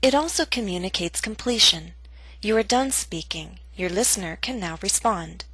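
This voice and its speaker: Woman teaching English pronunciation clearly. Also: mid-range voice, expressive, pushed and bright, poor audio. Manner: clear, deliberate teaching delivery. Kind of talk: scripted lesson narration.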